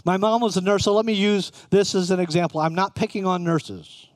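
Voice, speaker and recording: A man's voice: high-pitched, fairly quick, dry recording, clean studio sound. A middle-aged man preaching a conversational sermon, often putting questions to his listeners. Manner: conversational, asks the room questions.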